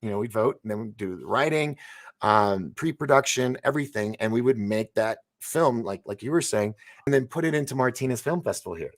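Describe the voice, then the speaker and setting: A man's voice: mid-range voice, brisk. A man hosting a live interview show, telling long stories in casual chat with frequent laughs and restarts. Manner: animated storyteller, laughs and restarts often. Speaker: show host.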